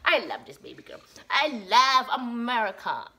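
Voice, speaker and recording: A woman's voice: fairly high pitch, big pitch swings, moderate pace, bright, forceful tone, a little hiss or hum. A mother with a Filipino accent chatting playfully in a home vlog, repeating words in chains in broken English. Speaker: mother vlogger. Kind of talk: casual home vlog chat. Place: family home.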